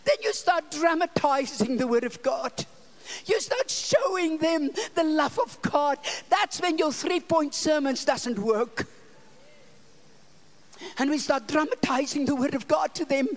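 High-voiced older woman preaching a story. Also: a little slow. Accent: South African. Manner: animated storyteller, acting out dialogue with sudden loud and soft turns. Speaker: evangelist preacher. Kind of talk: storytelling sermon. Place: church conference hall.

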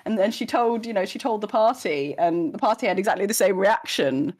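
Animated laughing woman guest. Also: mid-range voice, fairly quick. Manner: animated, laughs often, acts out quoted voices. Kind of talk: casual interview chat.

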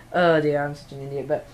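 A teenage boy, rambling through a casual home vlog recorded on an iPod, giggly and self-mocking. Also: a little high. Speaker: vlogger.

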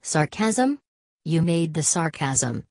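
A woman reading a sarcastic, forceful male leader. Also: on the high side, very animated, takes it slowly, dry recording, studio quality, heavily acted. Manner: biting, mocking sarcasm. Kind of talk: audiobook character reading.

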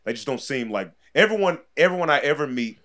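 A man in the middle of pitch for his sex, telling a story as a podcast guest. He talks in a loose, animated way, laughing often and acting out the people in his story in sudden bursts. It sounds like casual, relaxed storytelling. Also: quick pace.

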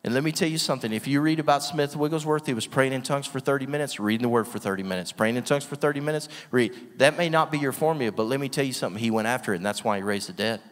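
A man's voice: medium pitch, racing, hardly any pauses. A man preaching a sermon with energy and emphasis, asking the room rhetorical questions and laughing often. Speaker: guest preacher. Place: church hall with long reverb. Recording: reverberant church hall.

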